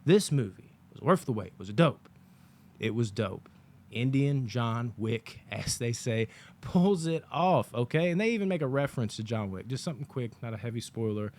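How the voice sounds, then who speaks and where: A man's voice: medium pitch, lively intonation, normal speed, a little mellow. A man casually reviewing a movie on his vlog, telling long stories in a rambling, profane way with lots of fillers.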